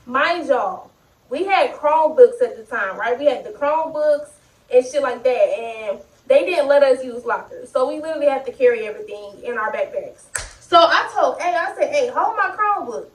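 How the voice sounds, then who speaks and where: A young adult woman telling a story in a casual, animated, profane way, speaking straight to her viewers. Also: high-pitched, moderate pace. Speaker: vlogger. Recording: roomy sound, distant mic.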